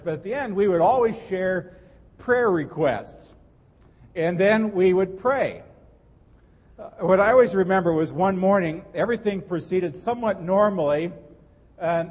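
Husky-voiced pastor preaching in a reverberant sanctuary. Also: male voice, sits high. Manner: earnest, emphatic preaching with repeated phrases. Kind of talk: sermon. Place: church sanctuary.

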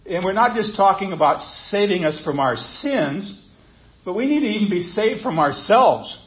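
A man's voice: high-pitched, highs cut off. A man preaching a sermon as pastor, talking conversationally and asking his congregation questions.

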